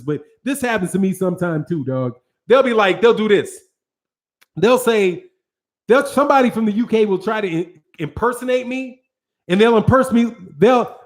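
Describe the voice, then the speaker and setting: A Midwestern American man hosting a casual livestream, talking in an animated, profane way and reading viewer chat aloud. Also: high-pitched. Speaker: host.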